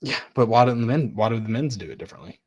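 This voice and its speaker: An easygoing young man chats about sports, often puzzling things out aloud. His mid-pitched voice is recorded dry and close, without any room sound. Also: rapid-fire, a little mellow, dry recording. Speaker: podcast co-host. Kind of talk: casual sports chat.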